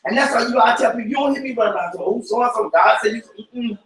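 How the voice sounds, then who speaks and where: A man leading an informal Bible study, talking in an animated, preachy way that breaks into shouts. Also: very high voice, racing, slight background noise. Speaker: cell group teacher. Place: church room. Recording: echoey room from far off.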